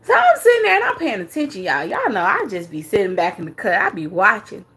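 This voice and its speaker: A woman hosting a livestream, telling a story with profanity, animated and thanking viewers as she goes. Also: medium pitch, fast, husky. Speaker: commentary host. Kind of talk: livestream commentary.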